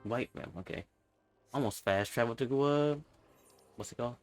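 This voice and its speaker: A man's voice: mid-range voice, brisk. A man hosting a gaming channel, joking and talking back to characters while he plays. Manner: animated, joking, talks back to the game. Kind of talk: casual let's-play commentary. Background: game music.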